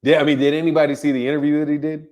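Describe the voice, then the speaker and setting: A man's voice: fairly high pitch, little pitch movement, rapid-fire, darkish tone. Casual male boxing stream host. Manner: casual, laughs often, greets chatters by name. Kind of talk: live stream chat with viewers.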